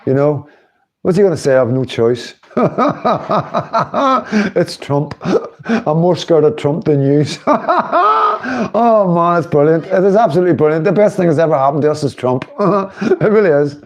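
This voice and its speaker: A man's voice: on the high side, very animated, a little slow. Chatty man on a livestream. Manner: chatty, laughing, mocking political commentary. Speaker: livestream host. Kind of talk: casual livestream talk.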